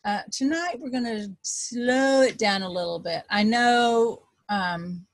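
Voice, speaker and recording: A woman with a Texas accent, a self-described fast talker, teaching an online group in a chatty way with many ums. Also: a little high, dry recording. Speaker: wealth coach leading an online group. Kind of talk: casual webinar teaching.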